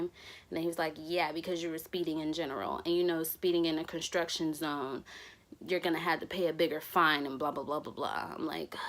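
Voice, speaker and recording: A woman's voice: low-pitched, a bit bright. A young woman tells a story on her vlog, laughing and acting out the dialogue. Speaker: vlogger.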